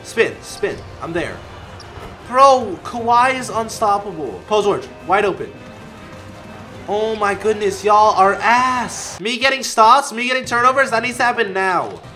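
A young man commentating his own basketball video game play, excitable and yelling at his players, then dropping to a mutter. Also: high-pitched, a little slow, soft background music. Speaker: gaming video creator. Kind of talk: live gameplay commentary.

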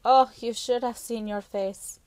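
A woman's voice: mid-range voice, animated, moderate pace, a little mellow, no room sound, close to an everyday voice. Woman reading as a teasing motherly nurse. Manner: teasing, scolding lightly. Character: teasing motherly middle-aged female nurse. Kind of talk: audiobook character voice.

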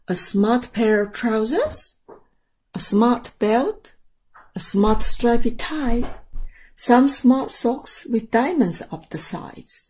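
Brief: story time reader, woman, unhurried and soft, warm breathy tone. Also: a little high. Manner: slow, soft, expressive reading. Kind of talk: picture book read-aloud.

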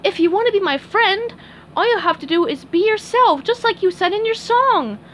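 A woman's voice: very high voice, animated, normal speed, a little hiss or hum, pitched above the performer's own voice. A woman voicing a spirited young female squirrel in a storybook reading, emphatic. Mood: warm.

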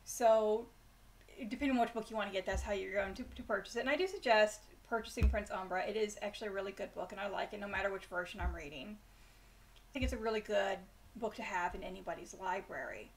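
A woman with a medium-pitched voice and vocal fry talks fast as the host of a bedtime story channel. She chats casually and pokes fun at herself before reading a chapter aloud.

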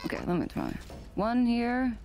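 A woman's voice: fairly high pitch, very animated, moderate pace, darkish tone, faint music behind. A woman whose first language is Japanese, chatting playfully as a co-op gaming guest, cursing often and mixing in Japanese words. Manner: playful, swears a lot, slips in Japanese words. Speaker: co-op streaming guest. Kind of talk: casual gaming chat.

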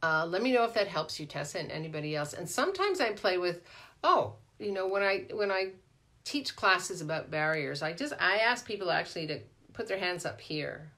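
Animated woman coach, lower voice. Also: normal speed. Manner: animated, peppered with "right?", greets viewers by name. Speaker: life coach hosting a live Q&A. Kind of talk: casual live-stream coaching talk.

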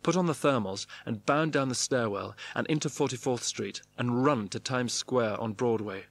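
A man's voice: medium pitch, moderate pace, no echo. Man reading a wry diary. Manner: clipped, wry diary-style phrasing. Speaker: narrator. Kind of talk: reading a memoir diary aloud.

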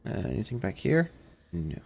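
A man hosting a let's-play of a horror game, rambling along and shouting whenever he is startled. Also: lowish voice, huge pitch swings, moderate pace, creaky, slightly rough. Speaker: gaming channel host.

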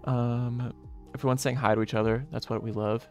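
A man hosting a casual live stream. He greets viewers one by one in an upbeat, friendly way, with playful, softly self-mocking asides. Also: medium pitch, level tone, moderate pace. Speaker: streamer and game developer. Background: faint lo-fi music.

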